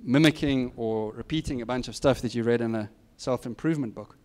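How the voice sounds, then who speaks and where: In an informal advice talk to students, a middle-aged male guest speaker shares straightforward, candid career guidance and jokes at his own expense. His voice is medium in pitch with a darkish tone, and he speaks fairly quickly.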